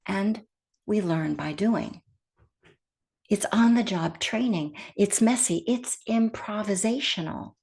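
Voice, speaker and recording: Slow, gentle woman meditation teacher. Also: mid-range voice, gravelly. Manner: gentle and soft-spoken, with hushed whispered phrases. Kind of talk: guided meditation talk.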